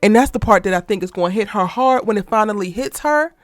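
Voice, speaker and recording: Brief: sassy female recap host, animated, dry close sound. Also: mid-range voice, fast talker, no echo. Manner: sassy, animated, heavy slang and cursing. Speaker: soap opera recap host. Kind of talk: casual commentary vlog.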